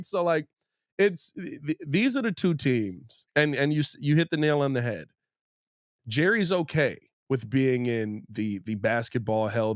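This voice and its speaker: A young man hosts a sports podcast, talking in excitable, rambling runs full of restarts. His voice sits at an ordinary pitch. The recording is dry and close. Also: no echo. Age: young adult. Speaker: podcast host. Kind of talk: casual sports podcast banter.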